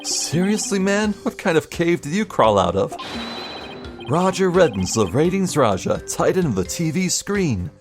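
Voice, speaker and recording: A man voicing a brash, sleazy middle-aged TV producer with fast showbiz patter. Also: on the high side, sing-song, faint music behind. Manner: fast-talking showbiz patter, drawn-out taunts.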